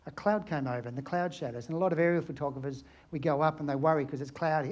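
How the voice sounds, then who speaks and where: A man's voice: on the high side, steady tone, quick pace, few pauses, a little mellow, muffled recording. A middle-aged man from Australia, an aerial photographer giving a chatty, anecdotal conference talk and asking his audience questions.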